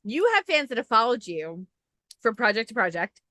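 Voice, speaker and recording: A woman's voice: on the high side, big pitch swings, moderate pace, pushed and bright, no room sound, studio quality. A woman interviewer chatting casually and gushing enthusiastically to her guest, with lots of "like.". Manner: gushing, chatty, many fillers of "like". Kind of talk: casual chat.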